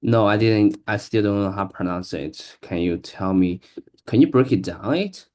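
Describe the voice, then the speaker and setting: A man's voice: on the low side, moderate pace, darkish tone. A man learning English, reading aloud hesitantly, with many restarts and stumbles over words. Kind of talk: casual reading-aloud practice.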